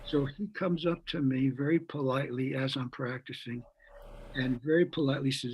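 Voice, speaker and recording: A man's voice: mid-range voice, fairly even intonation, moderate pace, a little hiss or hum, rough recording. An older man, a guest musician, telling a long story in a rambling way. He repeats words as he goes and acts out the voices of the people he quotes. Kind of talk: anecdotal storytelling.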